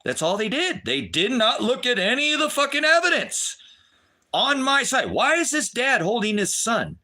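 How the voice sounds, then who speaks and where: A middle-aged man ranting to his viewers in a profane, rambling way, swinging from low muttering to shouting. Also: huge pitch swings, moderate pace. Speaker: livestreamer. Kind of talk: agitated direct-to-camera rant.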